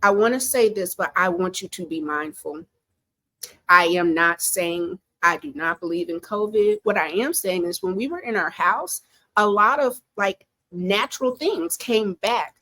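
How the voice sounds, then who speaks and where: Unhurried yet animated, a woman at home chats through pop culture with plenty of strong opinions. Her pitch is an ordinary middle range, and the recording is dry.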